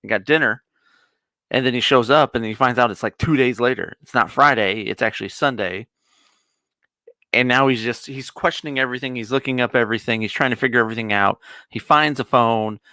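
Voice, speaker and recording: A man's voice: mid-range voice, brisk, bright, forceful tone, no room sound. A man co-hosting a casual review chat, eagerly retelling a TV episode in a rambling way. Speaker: co-host of a nerd review show.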